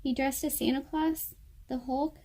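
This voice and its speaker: High, flat-toned woman reading earnestly. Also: unhurried. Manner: earnest, heartfelt. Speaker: vlogger. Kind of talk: reading a personal letter aloud.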